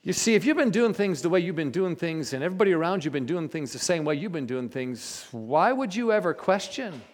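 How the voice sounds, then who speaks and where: Male pastor, higher voice, lively sermon delivery, long church reverb. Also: fairly quick. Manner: animated, joking with the congregation, storytelling. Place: large church.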